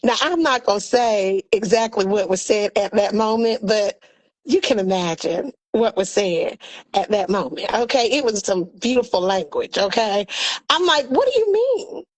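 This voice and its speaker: A woman co-hosting a talk show, telling a family story in a lively, casual way and acting out her relatives' voices. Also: medium pitch, moderate pace, low-quality recording. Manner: animated, acts out family members' voices. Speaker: podcast co-host.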